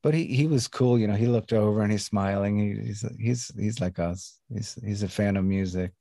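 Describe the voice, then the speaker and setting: Deep Swedish-accented man, relaxed. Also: moderate pace, creaky, no room sound. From Sweden. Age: 50s. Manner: laid-back, relaxed, with casual swearing. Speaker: guest musician. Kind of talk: casual interview chat.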